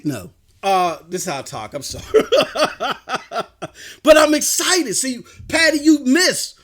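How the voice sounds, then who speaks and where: Male livestream host, animated and loud, high sharp voice. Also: a little slow. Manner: excitable, shouting bursts, mocking impressions. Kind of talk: animated live-stream gaming talk.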